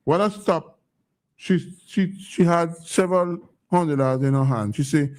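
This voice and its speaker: A man's voice: fairly high pitch, unhurried, darkish tone. A man hosting a call-in radio show, chatty and telling stories with repeated words. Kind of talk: casual call-in radio chat.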